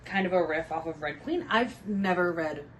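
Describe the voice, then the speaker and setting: A woman's voice: lowish voice, normal speed, slight background noise, poor audio. A young woman hosting a casual book chat at home, upbeat and a little out of breath after the gym. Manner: chatty and upbeat. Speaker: booktube host.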